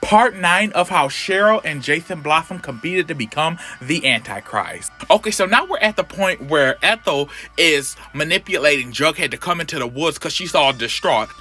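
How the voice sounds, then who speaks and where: A man's voice: fairly high pitch, animated, moderate pace, hardly any pauses, sharp tone, soft background music. A man recapping a comic in a sassy, slangy, casual way, often calling listeners honey.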